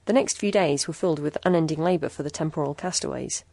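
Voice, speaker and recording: Brief: woman storybook narrator, low and gravelly, steady measured reading, dry close sound. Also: no room sound.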